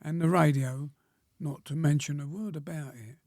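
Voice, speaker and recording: A very old man around a hundred tells stories in a plain, unhurried way. His voice sits a little high and is gravelly, and it is recorded close and dry. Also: a little mellow, no echo. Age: 100. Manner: plain-spoken, slow storytelling, frequent pauses and throat-clearing. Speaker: guest, war veteran. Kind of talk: reminiscing interview answers.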